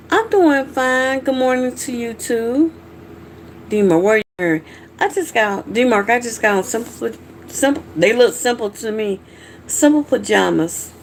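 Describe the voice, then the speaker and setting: On her livestream, a middle-aged Georgia woman with a Southern drawl reads viewer comments and chats with them frankly. Her fairly high voice is expressive and measured, with a faint hiss or hum underneath.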